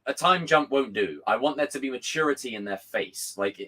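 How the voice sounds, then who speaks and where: A young man hosting a casual live stream, reading chat aloud with a hoarse voice, animated and swearing freely. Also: mid-range voice, a little fast, rough recording. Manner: animated, swearing, bursts into shouts.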